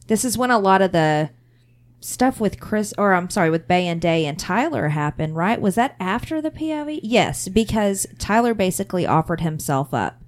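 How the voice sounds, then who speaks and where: A woman's voice: mid-range voice, sing-song, normal speed. A woman co-hosting a podcast in casual chat, recapping events and reading details aloud. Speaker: podcast co-host.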